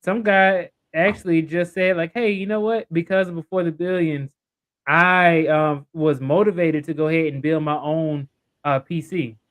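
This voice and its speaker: Rambling upbeat man, higher voice. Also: steady tone, moderate pace, fairly bright tone. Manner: rambling, many fillers, upbeat. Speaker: guest YouTuber. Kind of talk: casual interview chat.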